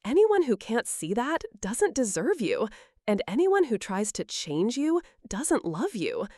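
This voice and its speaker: A woman voicing a loving, plain-spoken older grandmother who speaks gently and reassuringly. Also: on the high side, big pitch swings, measured pace, no room sound, clean studio sound. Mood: tender.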